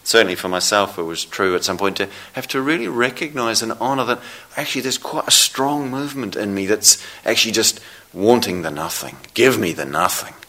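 Slow-spoken, low-voiced man teaching meditation. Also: lively intonation, bright, forceful tone. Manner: slow, reflective, with long pauses. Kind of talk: dharma talk. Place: meditation hall.

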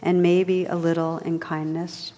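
A gentle, wise enchanted noblewoman, voiced by a woman reading aloud in a soft, earnest way. The voice sits a little low. A long reverb trails after each phrase. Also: little pitch movement, measured pace, natural voice. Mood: tender.

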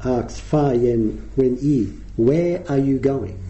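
A middle-aged Australian man giving a dharma talk as a meditation teacher, explaining in an unhurried way with frequent ums. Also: mid-range voice, warm tone, slight background noise, low-quality recording.

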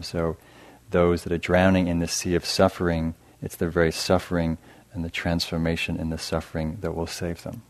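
A middle-aged man giving a gentle dharma talk as a meditation teacher, soft-spoken and hesitant, with fillers and restarts. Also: low voice, completely flat delivery, normal speed. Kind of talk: dharma talk to a live audience.

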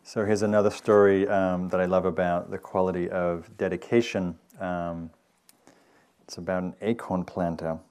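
A man from England giving a meditation dharma talk, telling stories in a gentle, conversational way. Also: low voice, little pitch movement, normal speed, smooth. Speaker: meditation teacher. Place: meditation hall with audience.

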